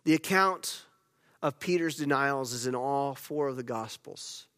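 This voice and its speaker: A male pastor preaching a sermon as a storyteller, with loud emphatic moments and hushed, near-whispered passages. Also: mid-range voice, unhurried. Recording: long hall reverb.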